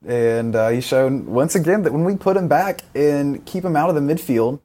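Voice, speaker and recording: A man's voice: mid-range voice, normal speed, hardly any pauses. A young man co-hosting a casual sports podcast, recapping a match with wry jokes. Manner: wry, joking, lively recaps. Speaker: podcast co-host.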